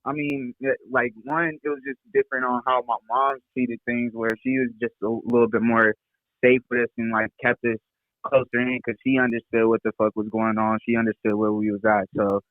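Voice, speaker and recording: A man's voice: mid-range voice, little pitch movement, fairly quick, dry recording. Chill kc rapper dude in his 20s, rambly, tinny phone sound. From Kansas City, Missouri. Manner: laid-back, rambling, lots of fillers and laughs. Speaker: rapper guest. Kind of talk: casual interview chat.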